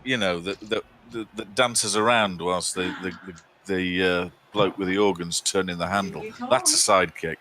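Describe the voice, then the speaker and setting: A man's voice: low voice, steady tone, moderate pace, hardly any pauses, sharp tone. A man co-hosting a live game stream, chatting casually with a teasing, rambling manner and mock outrage. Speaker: co-host.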